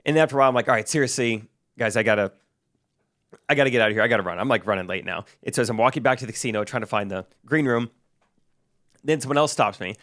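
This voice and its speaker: Animated young man telling a story. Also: rapid-fire. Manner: animated, acts out quoted voices in a higher pitch. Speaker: podcast co-host. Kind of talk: casual storytelling.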